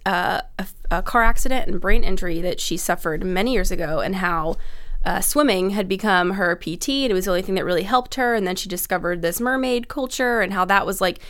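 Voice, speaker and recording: A young adult woman on the staff of a trade show, telling a casual, self-mocking anecdote and acting out the people in it. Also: medium pitch. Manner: animated, self-mocking storyteller who acts out quoted lines.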